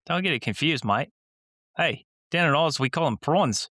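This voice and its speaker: Putting on a playful, hammy Australian accent, a man plays a jokey bloke, pitching his voice above his natural one. It comes across a little high, expressive, and fairly bright at normal speed, in a dry, clean studio recording.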